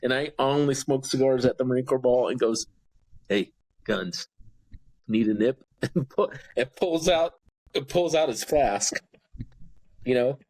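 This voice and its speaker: A man's voice: medium pitch, fairly even intonation, normal speed, a little mellow, low-quality recording. A man in his sixties, a retired Marine guest, telling blunt anecdotes with frequent chuckles on a casual podcast. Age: 60s.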